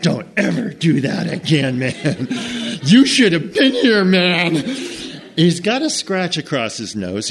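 Animated American man telling a story. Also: fairly high pitch. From United States. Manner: animated, acts out every character and sound. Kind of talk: comic campfire storytelling to an audience.

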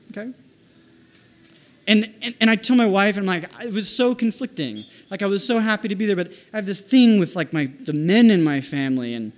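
A man telling a personal story in a halting, reflective way, with many restarts and "like"s. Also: high voice.

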